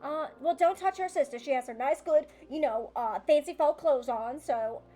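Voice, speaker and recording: A woman's voice: high-pitched, moderate pace, warm tone, pitched above the performer's own voice, close to an everyday voice. A woman voicing a fussy, doting fairy mother who rambles as she fusses over her family. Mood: fussing.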